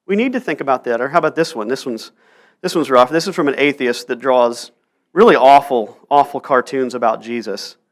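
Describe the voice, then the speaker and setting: A man's voice: medium pitch, a little fast. A male pastor preaching a sermon in church, telling stories earnestly and pressing rhetorical questions. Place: church sanctuary.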